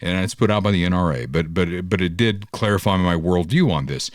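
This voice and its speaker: A man's voice: deep voice, fairly quick, dry recording, studio quality. A man hosting a podcast, telling stories in casual political chat with sarcastic asides. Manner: animated storytelling, sarcastic. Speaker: podcast host.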